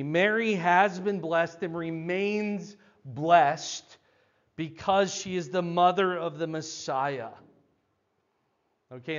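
Slow, loud older male Bible teacher. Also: a little high, dull audio. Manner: loud, emphatic, explanatory.

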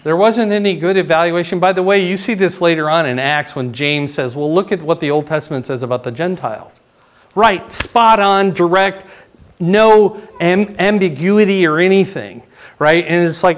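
Man preaching with frequent check-ins. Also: normal speed. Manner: conversational teaching, frequent "right?" and "okay?" check-ins; rises in pitch and volume for emphasis. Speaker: pastor. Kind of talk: sermon.

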